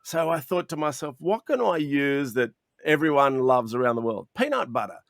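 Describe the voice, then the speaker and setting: Heard over a video call, the sound is studio quality with no echo, carrying a man's mid-range voice at normal speed. He's an Australian chocolatier guesting in a video interview, animatedly recounting stories and acting out customer chats. He restarts frequently as he goes.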